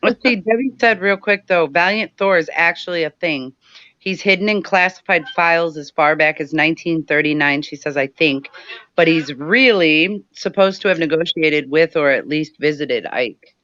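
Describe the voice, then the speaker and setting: Bright, dry-voiced podcast co-host. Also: medium pitch, normal speed, no echo, muffled recording. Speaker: podcast co-host reading viewer comments. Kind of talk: casual chat.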